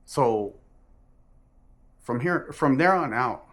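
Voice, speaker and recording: A man telling a personal religious testimony in an earnest, halting way, often restarting and correcting himself. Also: on the low side, a bit bright. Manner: earnest and emphatic.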